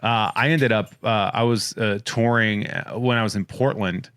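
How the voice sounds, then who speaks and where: A man hosting a podcast in casual comedic chat, rattling off wry, crude shout-outs and jokes. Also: on the low side, normal speed, smooth, no echo. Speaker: podcast host.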